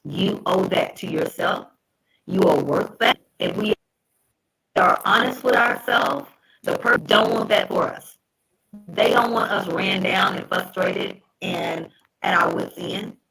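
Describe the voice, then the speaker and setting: A woman with a lowish, gravelly, slightly rough voice that's a bit bright and swings hugely in pitch. She's presenting on caregiving during a livestream over a call, speaking slowly and earnestly and repeating words as she goes, in an encouraging way.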